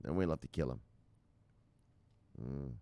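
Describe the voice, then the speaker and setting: A man hosting a crypto channel livestream, reading viewer comments in an excitable, profane, joking way with shouted catchphrases. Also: a bass voice, a little slow, creaky, no room sound.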